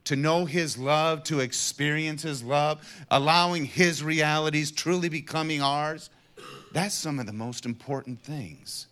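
A middle-aged man earnestly telling a personal faith testimony in an interview, dropping to a hush and then rising to emphatic passages. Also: a little high, steady tone, a little slow. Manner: earnest storyteller, swings from hushed to emphatic. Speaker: guest sharing a personal testimony.

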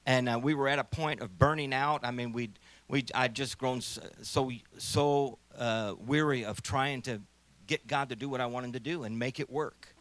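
A man's voice: medium pitch, fairly even intonation, moderate pace, a bit bright, no echo. A man in his sixties from St. Louis, a minister giving a rambling, conversational personal testimony full of restarts. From St. Louis, USA. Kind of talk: personal testimony at a church gathering.

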